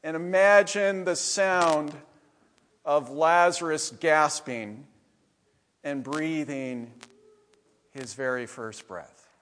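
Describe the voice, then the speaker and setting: A male pastor preaching a sermon to his congregation, measured and earnest, letting phrase endings fall away softly. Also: on the high side. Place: church sanctuary. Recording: long church reverb.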